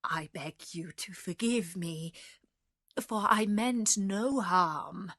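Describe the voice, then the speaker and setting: A woman's voice: medium pitch, takes it slowly, dry recording, studio quality, close to an everyday voice. A woman's synthetic storytelling voice reading the lines of a frightened old merchant from a storybook, pleading for pardon. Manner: pleading, begging.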